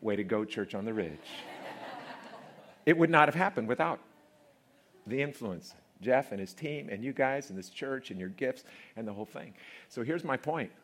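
A male pastor preaching a lively sermon to a congregation in church, swinging from quiet asides to loud, laughing, shouting peaks. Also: medium pitch, normal speed, a little hiss or hum. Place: church before a live congregation.

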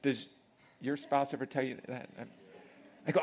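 A male pastor preaching a lively sermon to a congregation in church, swinging from quiet asides to loud, laughing, shouting peaks. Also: medium pitch, moderate pace. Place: church before a live congregation.

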